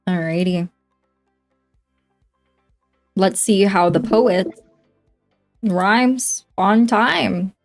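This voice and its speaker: A woman's voice: mid-range voice, very slow, pauses often, faint music behind. A woman streamer hosting a dating game on a live stream, teasing and giggly. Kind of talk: casual live stream chat.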